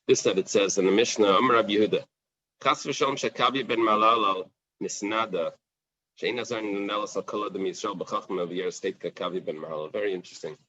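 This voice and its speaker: A man's voice: lowish voice, steady tone, fast, bright, forceful tone, muffled recording. A man teaching a Talmud class in plain English, mixing in Aramaic and Hebrew quotes, with fillers and restarts. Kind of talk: daf yomi Talmud class.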